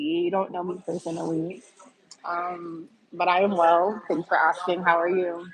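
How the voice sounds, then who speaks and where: A woman in her fifties from the US East Coast hosts a livestream, chatting casually and candidly with viewers, reading their comments aloud and laughing often. Her voice is fairly low and slightly rough, and the recording quality is rough.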